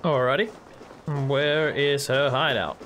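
A man's voice: mid-range voice, takes it slowly, slight background noise. Casual man narrating his gameplay. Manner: chatty, relaxed, talking to himself. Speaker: gaming channel host. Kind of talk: casual let's-play commentary. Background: game music.

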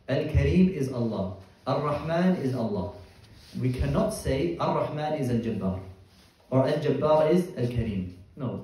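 A man's voice: mid-range voice, mellow, far from the mic. Man teaching a class, echoey room. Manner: explains terms step by step, quizzing students. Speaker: Islamic teacher. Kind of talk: Quran tafsir class.

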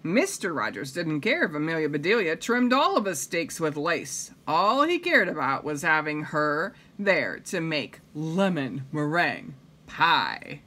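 A woman reading a picture book aloud to children, pausing to comment and ask them questions. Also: low-pitched, big pitch swings, bright, forceful tone. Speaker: reader.

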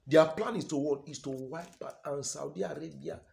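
A man with a Nigerian accent preaching a sermon, loud and emphatic, often asking the congregation call-and-response questions. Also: a little high, moderate pace, creaky.

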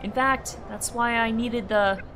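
Brief: chatty tanuki tinkerer, read by a woman, fairly high and sunny. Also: fairly even intonation, a little slow, fairly bright tone, slight background noise. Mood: eager. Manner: reading game dialogue aloud. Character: chatty excitable tanuki inventor.

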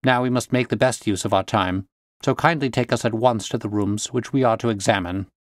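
A crisp, commanding gentleman detective, as a male storyteller puts him on, quick to give orders and sharp of mind. The delivery is raised and energetic, and the recording is dry and close. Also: lowish voice, dry recording, lightly acted. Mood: brisk.

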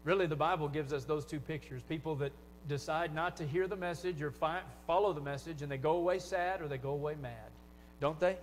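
A man's voice: on the high side, fairly quick, long reverb tail, slight background noise. A man preaching a sermon in a conversational way, often asking his listeners rhetorical questions. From United States. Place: church sanctuary.

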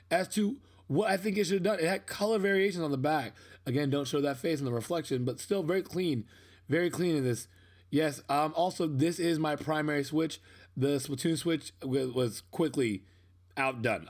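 A man's voice: on the high side, husky. Rambling, self-mocking young man. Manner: rambling, self-mocking, with sudden excited outbursts. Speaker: unboxing vlogger. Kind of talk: casual voice-over commentary.

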